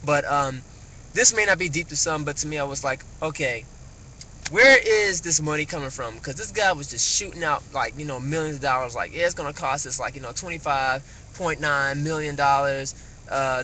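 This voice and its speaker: A man ranting casually on a phone livestream, rambling with many fillers and animated rises. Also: a little high, fairly quick, poor audio. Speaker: vlogger. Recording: phone mic with faint car noise.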